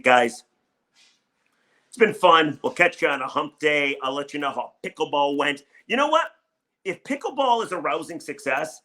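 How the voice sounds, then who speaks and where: Middle-aged male sports radio host, ranty and heated, bright forceful tone, slightly high-set voice. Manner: fired-up ranting. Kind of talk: solo sports talk podcast.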